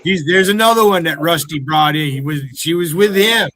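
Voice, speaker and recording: A man hosting a livestream, ranting angrily at his chat with heavy profanity, taunting viewers and breaking into loud outbursts. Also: a little high, normal speed. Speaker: livestream host.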